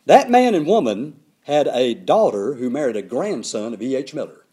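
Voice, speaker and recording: An older man preaching a sermon, telling stories with emphatic, animated delivery. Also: medium pitch, normal speed.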